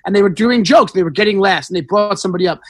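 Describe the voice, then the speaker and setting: A stand-up comedian in casual chat, animated and swearing freely as he acts out stories from stage. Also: high-pitched, rapid-fire, breathy edge, no echo.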